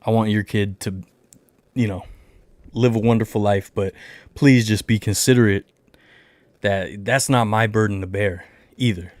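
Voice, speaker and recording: A young man with a fairly low voice chats on a casual livestream. He rambles through a long story, full of filler words and animated retellings. The sound is close and dry, with no room echo. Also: unhurried, long pauses. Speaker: livestream host.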